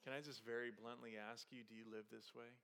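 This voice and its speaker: A male pastor preaching a sermon, moving from soft conversational storytelling with humor to raised, passionate exhortation. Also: medium pitch, level tone, a little fast, gravelly.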